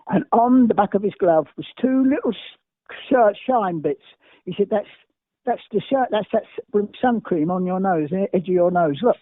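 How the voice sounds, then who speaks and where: A man's voice: high-pitched, no echo. An older man from England, a guest telling emphatic, repetitive, rambling stories. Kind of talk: anecdotal interview storytelling. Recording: dry, tinny phone-like sound.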